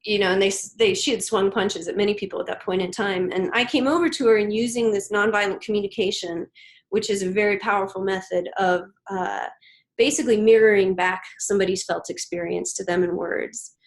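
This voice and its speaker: A woman in her thirties talks as a podcast guest, earnest and gentle. She pauses often and circles back to her words as she reflects. Her voice sits at an ordinary middle pitch. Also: poor audio. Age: 30s. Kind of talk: reflective interview storytelling.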